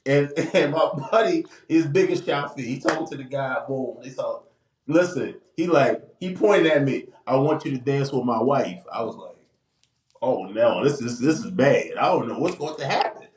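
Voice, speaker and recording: A man, casually telling a long funny story on a podcast, acting out the people he quotes. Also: normal speed. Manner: lively, acts out quoted voices with big pitch jumps. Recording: echoey room with faint noise.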